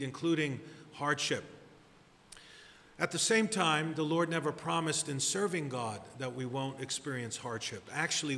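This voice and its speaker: A man's voice: mid-range voice, sharp tone. Emphatic preaching man in a reverberant hall. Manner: deliberate, emphatic preaching with measured pauses. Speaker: pastor. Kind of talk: sermon.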